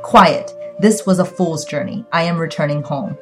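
A woman's voice: sits low, fairly even intonation, normal speed, a little mellow, faint music behind, natural voice. A woman voicing a stern, proud older father in a read-aloud story, speaking in a clipped, commanding way.

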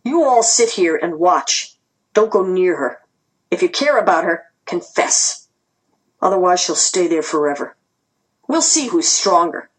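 A woman reading aloud and voicing a cruel male interrogator who taunts and snarls, her voice husky. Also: lowish voice, expressive, a little slow, rough recording. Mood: snarling.

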